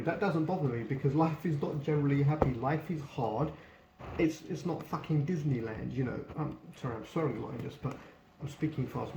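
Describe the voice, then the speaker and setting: Blunt, gravelly-voiced male book reviewer. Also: medium pitch. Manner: blunt and opinionated, swearing freely. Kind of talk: casual spoken book review. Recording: echoey room with faint background noise.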